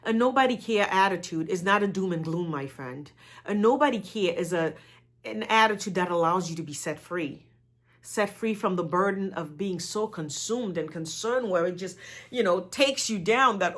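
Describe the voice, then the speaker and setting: A woman's voice: mid-range voice, animated, moderate pace. Woman doing a motivational talk, earnest, keeps repeating lines to drive it home. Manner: earnest, encouraging, repeats phrases for emphasis. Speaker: motivational speaker.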